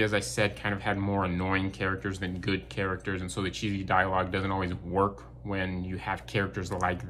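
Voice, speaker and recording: A man's voice: lowish voice, a bit bright, a little hiss or hum. A man giving a casual spoken film review, blunt and candid with his opinions.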